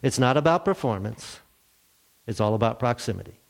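A man preaching a sermon, telling a story with lively acted-out voices. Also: medium pitch, fairly quick, creaky. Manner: animated storytelling, acts out characters. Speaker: pastor.

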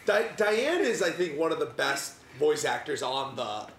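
Male podcast co-host, high and very lively pitch, quick reactions, echoey room. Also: over a noisy crowd. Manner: reactive, quick questions and short interjections. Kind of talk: casual chat. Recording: roomy echo.

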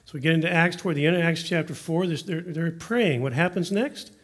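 A man, preaching a sermon as pastor, earnest and hushed when he prays. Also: on the high side, fairly quick.

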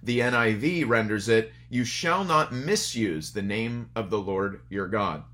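A man's voice: fairly low pitch, a little slow, sharp tone. A man preaching a sermon in a conversational, storytelling way at a church service streamed online. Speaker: pastor.

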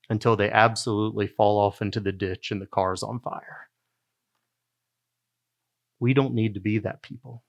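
Man preaching a conversational sermon. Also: fairly low pitch. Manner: conversational storytelling preaching, with quoted asides. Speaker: pastor.

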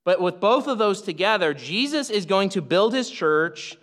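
A man's voice: sits high, animated, normal speed, fairly bright tone, long reverb tail. A man preaching a sermon as pastor, emphatic and explanatory, often restarting his sentences.

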